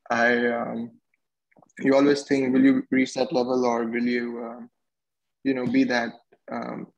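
A man speaks as a physician guest on a panel, hesitating often with ums. His delivery is flat and gravelly, and the recording sounds dull and lo-fi. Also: medium pitch. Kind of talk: panel discussion answer. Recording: dull lo-fi audio.

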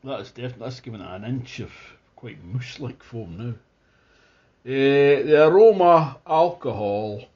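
A Scottish man chats his way through a beer tasting, enthusiastic and thinking aloud with plenty of restarts. His voice sits mid-pitch. The recording sounds a little dull and muffled. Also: expressive, moderate pace, darkish tone. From Scotland. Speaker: beer reviewer. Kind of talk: casual tasting review.

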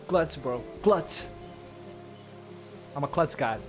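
An excitable young man chatting his way through a game. His pitch leaps all over the place, from low mutters to sudden shrieks, with faint music playing underneath. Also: unhurried. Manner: excitable, bursts into loud yelps and cheers between mumbled asides. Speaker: gaming commentator. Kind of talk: casual let's-play commentary.

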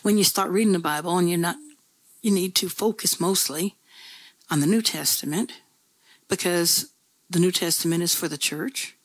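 A woman's voice: on the low side, moderate pace, pauses often, slightly rough, dry recording. A woman pastor preaching a sermon in a conversational, folksy storytelling way, with repeated phrases.

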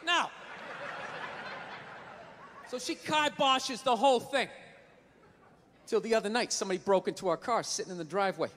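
Animated stand-up comedian, bright voice. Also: male voice, very high-pitched, normal speed, long pauses. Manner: animated storyteller, swears freely, acts out voices. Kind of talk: stand-up routine. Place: large venue stage. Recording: live stage in a large hall, faint noise.

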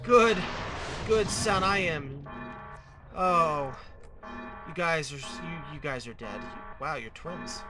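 A man commentating his own gameplay, talking to himself, fretting and then hyping himself up with mock-dramatic shouts. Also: on the high side, animated, takes it slowly, pauses often. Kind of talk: let's play commentary. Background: game music.

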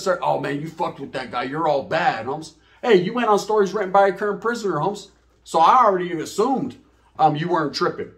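A man's voice: a little high, fairly bright tone. Streetwise man, blunt and profane. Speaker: YouTuber. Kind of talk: casual monologue to camera.

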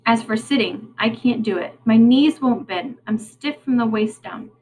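A woman's voice: fairly high pitch, normal speed, slight background noise, natural voice, low-quality recording. A woman voicing a rude, bossy boy who sneers and snaps orders, reading a storybook aloud. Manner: sneering, sharp-tongued.

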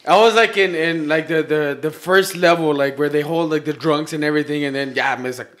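A man with a fairly high voice and a sharp, bright tone, hosting a podcast. He talks loosely and rambles, slipping Spanish slang into his English. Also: a little fast. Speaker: podcast host. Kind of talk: casual podcast chat.

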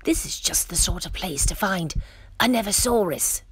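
A woman's voice: lowish voice, very animated, moderate pace, no room sound. A woman voicing a small, brave boy rhinoceros who talks boldly and stubbornly. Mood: whispering. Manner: bold, stubborn.

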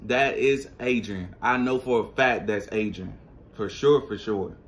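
A man hosting a casual reaction vlog, speaking straight to his viewers in an animated, slangy way. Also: on the low side, measured pace. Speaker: vlogger.

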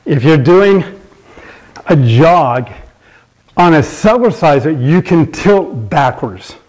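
A man's voice: a little high, animated, takes it slowly, darkish tone, poor audio. Man in his sixties demonstrating exercises. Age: 60s. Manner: explains while demonstrating exercises on a rebounder. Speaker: fitness show host. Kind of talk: live demonstration and Q&A.

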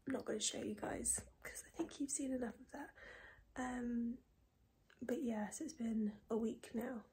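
A woman in her twenties talking casually in a video diary, soft and breathy, often near a whisper, low and tearful. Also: steady tone. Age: 20s. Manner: soft, breathy and often close to a whisper, with many pauses and fillers. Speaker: vlogger.

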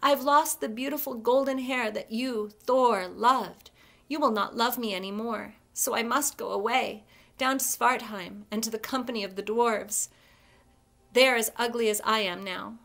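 A woman's voice: fairly high pitch, fairly even intonation, moderate pace, gravelly, fairly bright tone. Brief: sorrowful young goddess, tearful and pleading, read by a woman storyteller. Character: grieving shamed young goddess.

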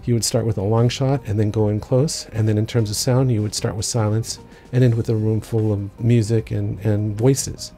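A man's voice: lowish voice, steady tone, moderate pace, warm tone, soft background music. A man explaining a filmmaking technique as an instructor, talking it through step by step with casual asides. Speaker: film school instructor. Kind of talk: explanatory lesson narration.

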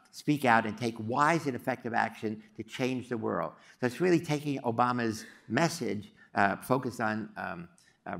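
An older man giving a storytelling lecture, halting often with uh and um. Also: medium pitch, creaky, a bit bright. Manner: halting, many uh and um fillers. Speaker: psychology professor giving a talk.

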